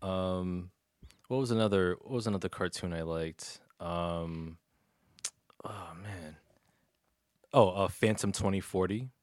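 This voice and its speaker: A man's voice: deep voice, slow, long pauses, no room sound, clean studio sound. A man in his thirties hosting a podcast in a casual chat, laid-back and teasing, with lots of fillers. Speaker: podcast host.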